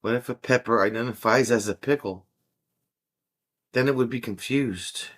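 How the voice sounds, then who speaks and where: A man's voice: medium pitch, moderate pace, a bit bright. A man hosting a casual livestream, reading out viewer chat and joking around with a playful manner and frequent laughter. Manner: jokey and playful, laughing often.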